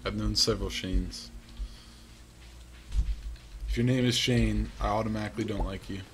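Low-key man musing over gameplay. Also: fairly even intonation, moderate pace, slight background noise. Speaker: gaming YouTuber. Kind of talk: casual let's-play commentary.

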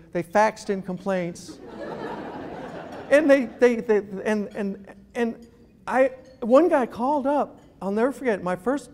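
A middle-aged man giving an animated, self-deprecating humorous talk as a guest speaker. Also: sits high. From New York City. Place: event room.

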